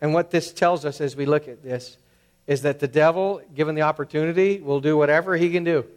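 A man's voice: a little high, a little fast. A middle-aged man preaching as a pastor in a conversational, storytelling manner, sometimes acting out quoted voices. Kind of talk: sermon.

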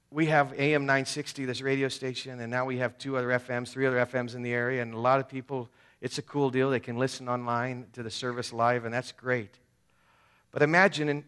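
A man's voice: mid-range voice, fairly bright tone. A man preaching a sermon at a church service, casual and conversational, dropping in slang as he talks. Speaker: pastor.

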